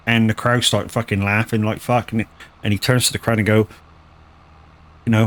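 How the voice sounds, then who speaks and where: A man with a fairly low-pitched voice, chatting to his viewers as he plays. He rambles through a story with lots of stammered restarts. His talk is loose and sweary. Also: level tone, fairly quick, fairly bright tone. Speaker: live streamer. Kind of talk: casual gaming stream chat.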